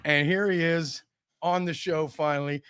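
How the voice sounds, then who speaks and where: A man's voice: fairly high pitch, moderate pace, smooth. A middle-aged man, hosting a talk show and acting out stories with quoted voices and laughs. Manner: animated storyteller acting out quotes, laughs often. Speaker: podcast host. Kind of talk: casual chat, storytelling.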